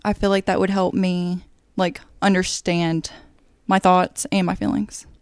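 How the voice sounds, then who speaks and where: A young woman co-hosting a podcast in a relaxed, agreeable way. Her voice is smooth and resonant with a gravelly fry, recorded close and dry. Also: lowish voice, unhurried, dry recording. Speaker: podcast co-host. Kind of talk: casual chat.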